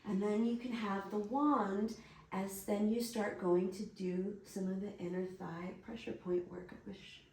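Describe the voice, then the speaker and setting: A woman giving soft, soothing guided instruction and gentle encouragement as a workshop instructor. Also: medium pitch, fairly even intonation, unhurried. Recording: roomy echo, distant mic, faint noise.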